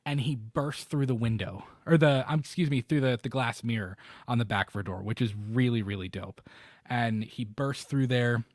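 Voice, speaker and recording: A man co-hosting a casual chat about a horror film, animated and talkative, often acting out quoted lines in sudden high or low voices. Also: normal speed, no room sound. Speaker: podcast co-host.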